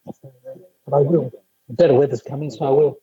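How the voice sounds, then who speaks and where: Husky guy guesting on a podcast, lively storyteller, dull dry lo-fi audio. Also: medium pitch, moderate pace, no echo. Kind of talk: casual chat.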